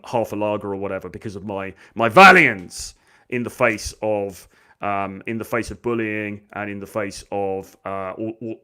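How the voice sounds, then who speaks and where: Man, dating coach, storytelling monologue, animated, acts out quotes. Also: lowish voice.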